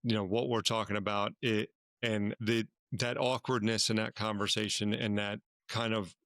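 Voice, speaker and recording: Male podcast co-host, low and gravelly, storyteller, dry close mic. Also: moderate pace, no room sound. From Washington, D.C. area. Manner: storytelling, animated when quoting others. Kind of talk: casual conversational podcast.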